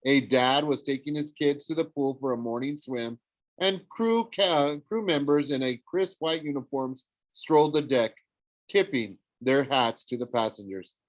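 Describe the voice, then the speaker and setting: A man reading a novel aloud, animated, with frequent slips and self-corrections. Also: mid-range voice, a little slow, dry recording. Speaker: audiobook reader. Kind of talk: storybook read-aloud narration.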